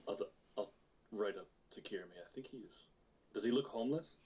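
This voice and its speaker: A man playing a tabletop role-playing game, asking questions and reading aloud the notes his character writes. His voice is low, and it comes through a dull, lo-fi mic. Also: normal speed, darkish tone. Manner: questioning, reads out written notes. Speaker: player. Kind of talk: tabletop role-play chat.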